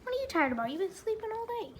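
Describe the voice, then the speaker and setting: A woman's voice: very high-pitched, big pitch swings, racing. A woman vlogging at home, chatting playfully and teasingly with her pet dogs as she films them. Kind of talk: casual off-the-cuff chatter. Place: indoors at home. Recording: noisy home video recording.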